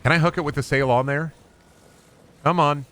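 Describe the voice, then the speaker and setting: A young adult man streaming a game, joking and swearing, with sudden loud bursts. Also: fairly high pitch, moderate pace. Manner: lively, swearing, jokey, shouts in bursts. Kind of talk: gameplay commentary.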